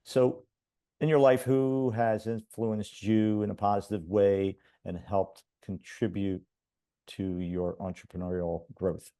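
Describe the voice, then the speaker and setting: A male podcast host with a low, mellow voice. He asks his questions in a measured, polite way and moves calmly from topic to topic. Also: smooth. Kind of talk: interview questions.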